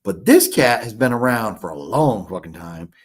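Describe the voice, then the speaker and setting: A man's voice: on the low side, big pitch swings, normal speed, breathy edge. A man in his fifties hosting a casual livestream, rambling and swearing as he reads chat comments. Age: 50s. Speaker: livestream host. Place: hotel room.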